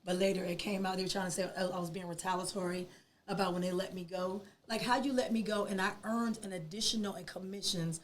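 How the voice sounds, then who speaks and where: A woman, a podcast guest telling a personal story in an animated, emphatic way. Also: mid-range voice, fast talker, slight background noise. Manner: animated, emphatic, acts out quoted dialogue.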